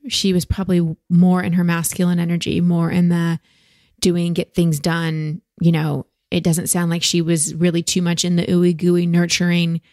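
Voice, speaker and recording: A woman hosting a podcast, giving slow, gentle, reassuring emotional coaching to a guest. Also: fairly low pitch, completely flat delivery, no room sound, studio quality. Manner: gentle, slow, reassuring advice with soft laughs. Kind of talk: coaching conversation.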